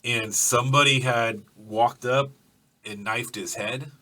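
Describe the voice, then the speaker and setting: Bright-voiced man running a tabletop game. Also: medium pitch, fairly even intonation, takes it slowly, far from the mic. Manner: loose, profane, filler-heavy storytelling. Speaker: game master.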